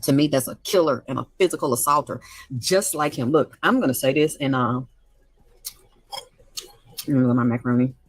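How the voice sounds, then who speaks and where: A woman's voice: very deep voice, fairly quick, pauses often, husky, no room sound. A middle-aged woman hosting a live stream from home, talking in an anxious, rambling, profane way, her voice shaking. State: shaky voice. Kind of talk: emotional live-stream monologue. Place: at home by the stove.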